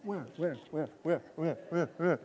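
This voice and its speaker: A man voicing a slow, hungry house cat that whines and repeats itself in confusion. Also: a little high, a little mellow, close to an everyday voice. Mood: confused. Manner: plaintive, repetitive, confused.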